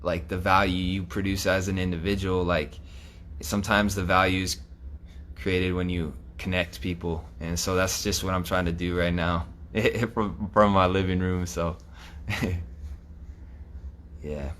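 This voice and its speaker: A man hosting a casual chat from his living room, relaxed and laughing often, with lots of fillers. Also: deep voice, a little slow, a little hiss or hum, low-quality recording. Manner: laid-back, laughs often, many fillers. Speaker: host.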